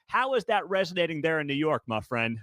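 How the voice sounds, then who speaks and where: A man's voice: on the high side, sing-song, brisk, sharp tone, no echo, studio quality. A man hosting a radio talk show, asking upbeat, friendly questions. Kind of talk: radio interview.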